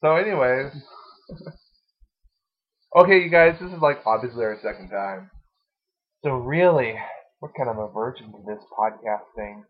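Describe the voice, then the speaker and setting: Brief: young male podcast host, husky and animated, rambling and crude, lo-fi home sound. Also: medium pitch, moderate pace, long pauses. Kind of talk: casual podcast chat. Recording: lo-fi dull recording.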